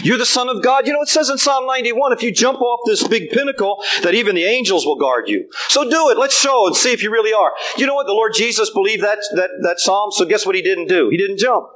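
A man's voice: high-pitched, animated, fast, few pauses, fairly bright tone, slight background noise, poor audio. An older man preaching a sermon, emphatic and repeating his refrains.

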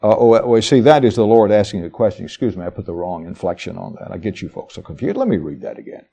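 A man's voice: lowish voice, very animated, fast talker, vocal fry, few pauses, warm tone. Folksy preacher man reading scripture. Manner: folksy, conversational asides to the congregation; reads verses aloud with shifting dramatic emphasis. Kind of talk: sermon, reading and explaining scripture.

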